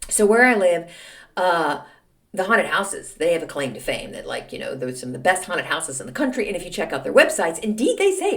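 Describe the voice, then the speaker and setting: A middle-aged woman hosting her own podcast, telling self-mocking stories in a snarky, animated way. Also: on the low side, a little fast, gravelly. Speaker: podcast host. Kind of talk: casual solo monologue.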